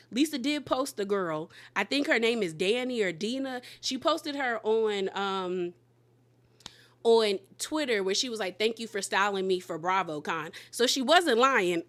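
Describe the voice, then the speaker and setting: Chatty woman with a high voice. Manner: animated, quotes the cast in quick bursts, laughs often. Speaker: reality TV recapper. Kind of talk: casual recap commentary.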